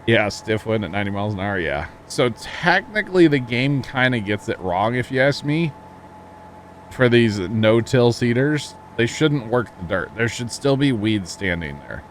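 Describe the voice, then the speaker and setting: A man's voice: mid-range voice, very animated, moderate pace, a little hiss or hum. A man giving casual commentary on a farming game stream, reading and answering chat as he explains farm equipment. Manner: chatty, reads chat aloud, explains farming gear. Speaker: livestream host.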